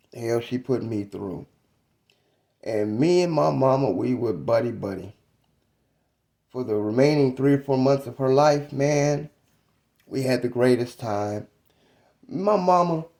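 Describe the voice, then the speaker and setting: A man in his thirties telling a personal story about his mother in a reflective, halting, casual way. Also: mid-range voice, darkish tone. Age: 30s.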